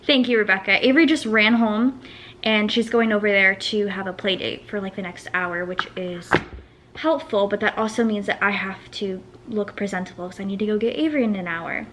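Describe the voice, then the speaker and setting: A woman, vlogging at home in a nervous, excitable, rambling way full of restarts. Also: mid-range voice, brisk, noisy background. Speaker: vlogger and small business owner. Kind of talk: casual vlog chat to camera.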